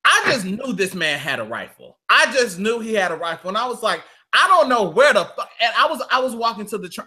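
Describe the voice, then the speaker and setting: A man with a high, bright voice tells a profane story on a live talk show. His pitch swings widely as he acts out each quote, loud and animated throughout. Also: fast. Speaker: radio show co-host.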